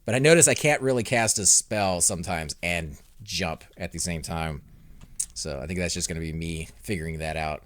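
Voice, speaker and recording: A young man hosting a let's play, commentating his fights and chatting with viewers, growing loud and excited during combat. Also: low-pitched, normal speed. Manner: excitable, reacts loudly to in-game fights, talks to chat. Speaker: gaming channel host.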